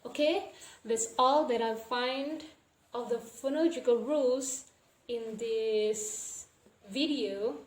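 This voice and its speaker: Slow, careful young woman explaining. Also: a little high. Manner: repeats each phrase slowly, careful and deliberate. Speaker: student presenter. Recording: echoey room with faint ambient noise.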